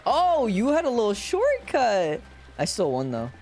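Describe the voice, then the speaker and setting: A streamer giving casual gameplay commentary, excitable and joking, who talks back to the game. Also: medium pitch, unhurried, soft background music.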